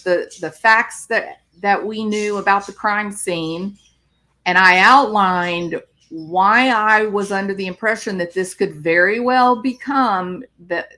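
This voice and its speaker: A woman's voice: mid-range voice, bright, forceful tone. A woman psychologist talking on a live stream, explaining clinical topics and answering viewer comments.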